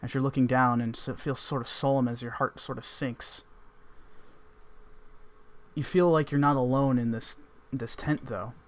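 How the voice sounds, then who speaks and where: A man's voice: medium pitch, steady tone, moderate pace, pauses often. A man running a tabletop game as game master, narrating in a loose, rambling descriptive way.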